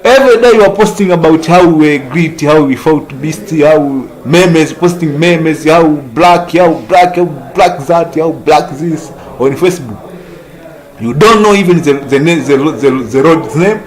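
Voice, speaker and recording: High-voiced preacher man, East African accent. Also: unhurried, low-quality recording. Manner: preachy, laughing, crude, repeats lines. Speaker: street preacher. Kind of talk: street preaching.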